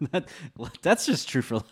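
A man's voice: medium pitch, sing-song, takes it slowly, slightly rough. A man from Connecticut hosting a casual podcast, asking his guest dry, teasing questions. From Canton, Connecticut. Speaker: podcast host.

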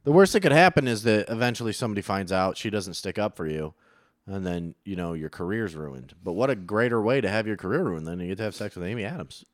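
A man's voice: on the low side, expressive, fast talker, no room sound, studio quality. A man co-hosting a podcast in casual banter, teasing and spinning absurd hypothetical scenarios. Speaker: podcast co-host.

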